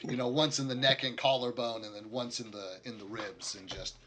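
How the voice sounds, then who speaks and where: A man's voice: medium pitch, steady tone, a little fast, fairly bright tone, a little hiss or hum. A man narrating combat as game master, in a loose, profane, rambling way with many fillers.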